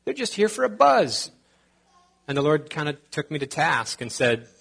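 A man's voice: fairly high pitch, very animated, normal speed, vocal fry, a bit bright, slightly rough. A man preaching a sermon as pastor, conversational with joking asides and quotes from scripture.

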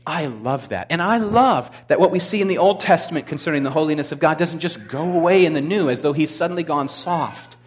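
A man preaching a sermon, dropping to a hush and rising to loud cries, with humorous asides. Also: a little high, expressive, brisk, hardly any pauses. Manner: dramatic, swings from hushed to loud.

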